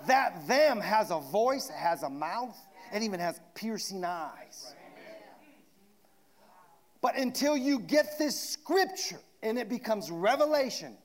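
A man preaching a sermon, swinging from shouted declarations down to hushed asides. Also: high-pitched, very animated, slow pace.

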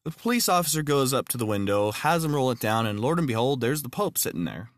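A man's voice: medium pitch, very animated, fast, no echo, clean studio sound. A man hosting his own podcast, talking earnestly and plainly and telling jokes. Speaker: podcast host. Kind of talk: casual podcast monologue.

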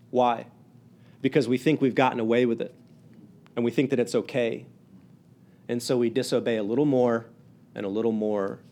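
A man preaching a morning sermon, swinging from raised, fervent passages to low, quiet ones. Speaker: pastor.

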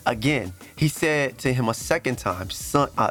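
A man's voice: medium pitch, animated, normal speed, hardly any pauses, a bit bright, faint music behind. A man hosting a faith podcast, talking earnestly and reading scripture aloud, with fillers and restarts and moments where he is close to tears. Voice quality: emotional, near tears at times. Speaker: podcast host.

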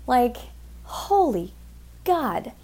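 Extremely slow yet very animated, a woman with a mellow voice tells a profane, fed-up story about working as an exotic dancer. She swears often and her rant has sudden pitch jumps.

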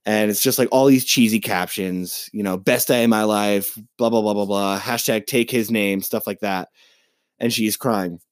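A man co-hosting a podcast, ranting in a casual, profane and animated way as he retells a movie plot. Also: on the low side, normal speed, no echo, studio quality. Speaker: podcast co-host. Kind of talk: casual chat.

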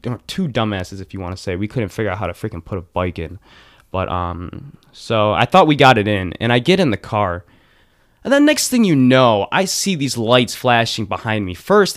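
A man in his late teens, chatting casually and retelling a story with lots of fillers and restarts. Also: on the low side. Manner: rambling, animated retelling with many fillers. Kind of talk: casual chat.

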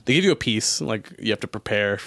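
A man's voice: fairly low pitch, fast, vocal fry, no room sound. Jokey young man with a dry close mic. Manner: jokey, laughs often, animated bursts. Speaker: podcast co-host. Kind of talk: casual chat.

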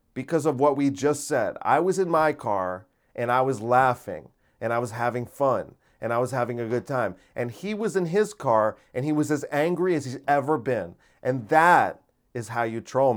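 A man hosting a podcast, telling a story in a casual, profane monologue that gets loud and giddy. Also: mid-range voice. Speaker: podcast host.

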